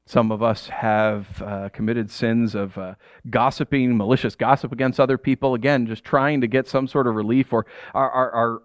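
A middle-aged pastor giving a sermon in a conversational, jokey way, often asking the audience questions. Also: male voice, medium pitch, dry recording.

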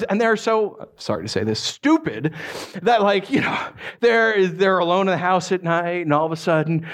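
A man preaching with lively, theatrical energy, slipping into the voices of the characters in his stories. His voice sits a little higher than most men's. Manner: animated, acts out voices of dogs, cats and listeners. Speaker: pastor. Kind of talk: sermon.

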